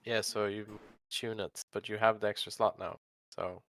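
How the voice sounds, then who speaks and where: A man playing in a tabletop game, explaining rules in quick casual talk. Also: fairly low pitch, flat delivery, a bit bright, no echo. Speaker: player.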